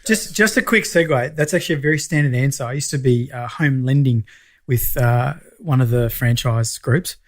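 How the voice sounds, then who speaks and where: A man's voice: mid-range voice, moderate pace. A middle-aged Australian man, a guest on a business podcast, telling a story in casual chat and acting out the voices in it. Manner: animated storyteller, acts out dialogue.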